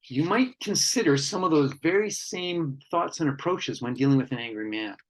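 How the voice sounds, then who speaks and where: A man speaking at a workshop on men and conflict, earnest and reflective, with pauses and fillers. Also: a little high, lively intonation, low-quality recording.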